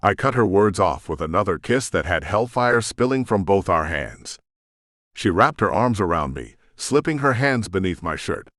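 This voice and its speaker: A man narrating an audiobook in first person, gruff and brooding. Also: deep voice, very animated, normal speed, fairly bright tone, no echo, clean studio sound.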